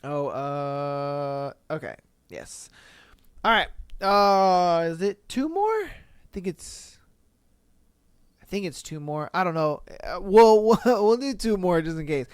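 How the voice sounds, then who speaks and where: Smooth-voiced man, incredulous podcast host. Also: sits high, slow pace, no echo, studio quality. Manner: animated, swearing, incredulous commentary. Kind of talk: casual solo podcast reading listener stories.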